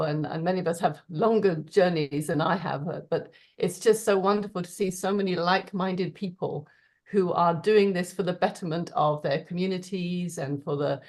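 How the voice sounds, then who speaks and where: A woman giving heartfelt thanks on a video call, earnest and searching for words. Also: on the low side. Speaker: guest speaker on a video call. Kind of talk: heartfelt remarks.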